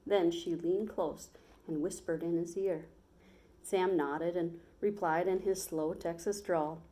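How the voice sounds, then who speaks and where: A woman teacher reading a children's picture book aloud in a lively, expressive storytelling manner. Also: fairly low pitch, slow pace.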